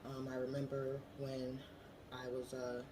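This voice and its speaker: A woman's voice: extremely low pitch, monotone, measured pace, background noise. A young woman making an earnest appeal to camera, with frequent "you know" fillers. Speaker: scholarship applicant.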